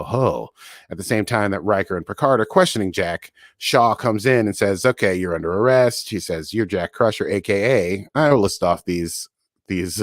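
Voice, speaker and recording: Podcast co-host, male, low voice, casual recap chatter with laughs, dry recording. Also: dry recording. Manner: chatty, laughing, quick asides.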